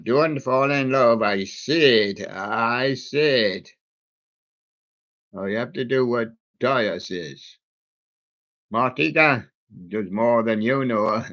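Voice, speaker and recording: A man with a medium-pitched, slightly bright voice hosts a live music stream, punning on song titles and joking throughout. The recording is dull and lo-fi.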